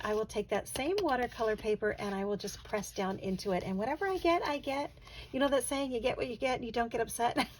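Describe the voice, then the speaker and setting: A woman's voice: fairly high pitch, a little hiss or hum, rough recording. A woman hosting her own craft video, talking casually and gushing over her handmade cards. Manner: gushing, effusive, quick to laugh. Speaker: craft channel host. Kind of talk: casual craft show-and-tell.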